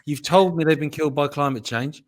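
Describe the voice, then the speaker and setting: A man's voice: on the high side, a little fast. A man co-hosting a podcast, telling jokey stories in casual banter, often laughing and swearing. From Britain. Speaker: co-host.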